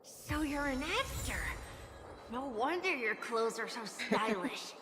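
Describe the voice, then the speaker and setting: A woman's voice: high-pitched, expressive, takes it slowly, background noise. A woman voicing a cheerful, curious young child who asks innocent questions, in game dialogue with a long reverb.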